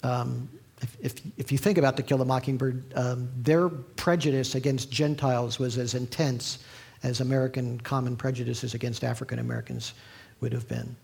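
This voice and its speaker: A man's voice: mid-range voice, flat delivery, normal speed, creaky, darkish tone, husky. A man preaching a sermon in a conversational teaching manner, with asides and restarts. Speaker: pastor.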